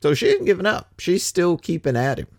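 A man preaching a casual sermon, wry and animated, slipping from scripture into slangy paraphrase. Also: high voice, a little fast, no echo, studio quality.

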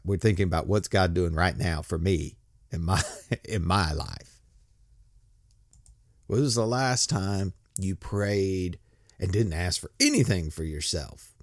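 A man's voice: deep voice, no room sound, studio quality. A man preaching a casual, joking sermon and reading scripture, talking conversationally with many restarts.

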